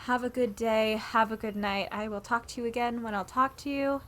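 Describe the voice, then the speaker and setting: Bright, chatty young woman streamer. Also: a little high, normal speed, a little hiss or hum. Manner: chatty, excitable, swears freely. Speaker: game streamer. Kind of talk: casual stream chat.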